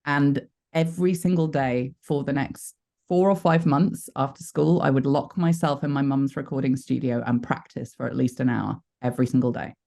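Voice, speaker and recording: A woman's voice: extremely low pitch, fairly even intonation, moderate pace, gravelly, warm tone. Frank British woman telling stories. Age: 40s. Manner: frank, chatty storyteller who laughs at herself. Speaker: voice actor guest. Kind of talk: candid interview talk.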